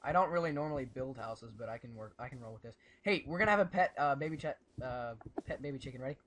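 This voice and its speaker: A man hosting a casual gameplay commentary, excitable and prone to bursts of panicked yelling. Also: mid-range voice, fast talker. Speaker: gaming channel host.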